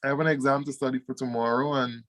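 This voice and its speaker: A man teaching an online exam review class, animated, repeating key words and laughing easily. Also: medium pitch, quick pace.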